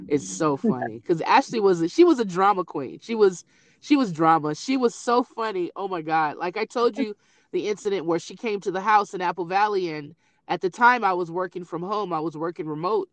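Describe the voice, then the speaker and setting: Animated middle-aged woman telling stories. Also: fairly low pitch, fairly quick, no room sound. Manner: animated storyteller who acts out quoted voices. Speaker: grieving mother sharing memories. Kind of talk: casual conversation.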